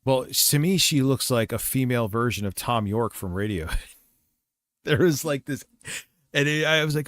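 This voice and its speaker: A man's voice: mid-range voice, normal speed, no room sound. A man hosting a livestream who comments casually, rambling, crude and mocking. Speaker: livestream host.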